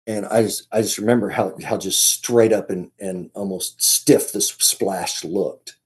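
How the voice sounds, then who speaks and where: A man as a podcast guest, telling a story in a casual, halting way, often restarting and repeating his words. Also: lowish voice, fairly even intonation, slightly rough.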